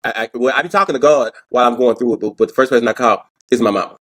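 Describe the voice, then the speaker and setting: A man's voice: medium pitch, racing, fairly bright tone. A man hosting his own commentary vlog. He talks casually and animatedly, laughs often and repeats words as he goes. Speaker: show host.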